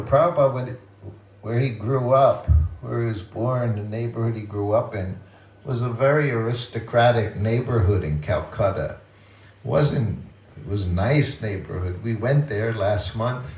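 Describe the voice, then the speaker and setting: An older man giving a temple talk, reminiscing in a gentle, chuckling storytelling way. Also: fairly low pitch, distant mic. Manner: gentle, chuckling anecdotal delivery. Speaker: guest speaker at a temple. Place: temple hall. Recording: roomy temple hall with faint ambience.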